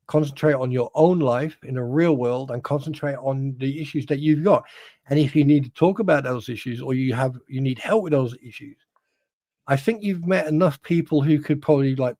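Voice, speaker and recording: A man's voice: mid-range voice, warm tone, dry recording. Brief: blunt male co-host, plain-spoken, dry close sound. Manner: blunt, earnest, addresses viewers directly. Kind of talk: casual livestream chat.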